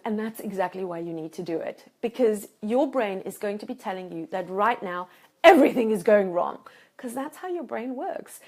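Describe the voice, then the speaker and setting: A woman with a fairly high voice coaches viewers straight into her own camera. She talks in an emphatic, encouraging way and repeats words for stress. She slips into anxious made-up inner voices to make her points. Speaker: life coach. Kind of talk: motivational talk to camera. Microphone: self-filmed camera.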